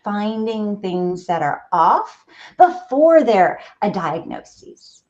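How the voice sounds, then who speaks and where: A woman's voice: mid-range voice, big pitch swings, takes it slowly, a little mellow. A middle-aged woman physician, speaking in an interview and explaining in an emphatic, earnest way. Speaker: physician guest. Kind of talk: conversational interview. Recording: dull lo-fi audio.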